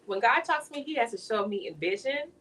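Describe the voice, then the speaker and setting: A woman's voice: on the high side, brisk, far from the mic, a little hiss or hum. A woman, sharing an emotional personal faith story in an interview as an author guest. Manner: emotional testimony, animated storytelling. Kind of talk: conversational interview.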